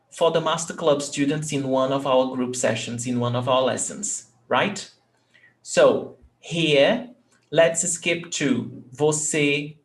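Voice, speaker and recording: A man teaching an online language class. His voice sits a little high for a man, and he speaks in an unhurried, deliberate way. He breaks his explanations with frequent check-ins to make sure his students are following. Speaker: Portuguese teacher.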